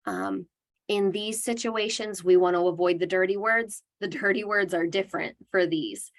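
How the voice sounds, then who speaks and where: Young woman teaching about dementia care, earnest and chatty, lowish voice. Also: lively intonation, moderate pace. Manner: earnest, conversational, acts out validating phrases. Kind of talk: educational talk.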